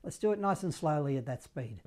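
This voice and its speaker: An Australian man teaches saxophone in an upbeat online music lesson. His voice is slightly high and brisk, and he's jokey, animated, and self-deprecating.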